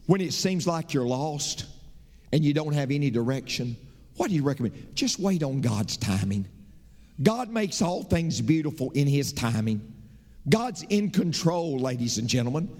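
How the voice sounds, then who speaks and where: A middle-aged man preaching a sermon as pastor, telling folksy stories and moving between loud emphatic lines and soft confiding asides. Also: on the high side, big pitch swings, normal speed. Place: church sanctuary. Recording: reverberant church sanctuary.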